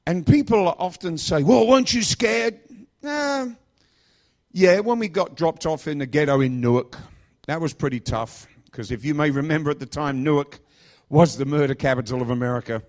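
A man's voice: a little high, a little fast, a little mellow. A middle-aged man from England preaching in a chatty, joking storytelling style. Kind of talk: storytelling sermon.

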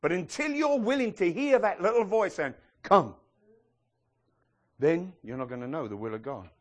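A middle-aged male pastor preaching a sermon in a lively way, acting out Bible figures as he tells their stories. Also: high voice, a little fast.

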